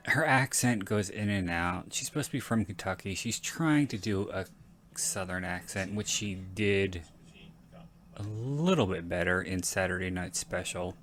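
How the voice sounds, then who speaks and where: A man's voice: low voice, lively intonation, measured pace, fairly bright tone. A man hosting a podcast, giving casual, rambling movie commentary, frank and prone to self-correction and casual swearing. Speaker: podcast host.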